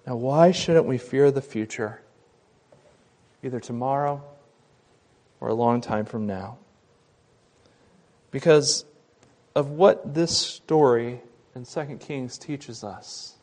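A man preaching a sermon, retelling a Bible story, loud and emphatic in some passages and quiet and soft in others. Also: medium pitch, takes it slowly, pauses often. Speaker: pastor.

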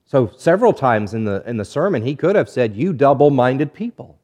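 A man preaching a sermon, measured and deliberate, stretching key words and letting phrases fall quiet at the end. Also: sing-song. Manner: drops low and quiet at phrase ends. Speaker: pastor.

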